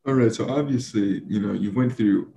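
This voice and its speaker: Young guy host, low gravelly mellow voice, roomy echo and faint hum. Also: a little slow. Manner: laughs easily, loose rambling questions. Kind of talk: casual interview.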